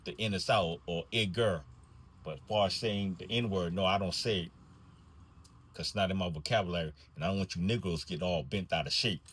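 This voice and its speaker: A man who drives a school bus, telling a comic story in a drawling, wry deadpan way. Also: sits low, slightly rough.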